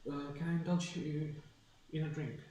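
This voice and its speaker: A man's voice: on the high side, fairly even intonation, normal speed, warm tone, voice pushed up, lightly acted. A man voicing a polite male Aether dealer who is courteous but suspicious, speaking in formal offers and questions. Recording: echoey room from far off, noisy.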